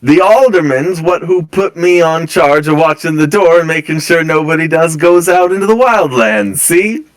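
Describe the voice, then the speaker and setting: A man's voice: on the high side, normal speed, few pauses, pitched above the performer's own voice, lightly acted. A man voicing a burly, stubborn, uneducated male gate guard who blusters in rustic broken grammar in a tabletop game. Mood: blustering.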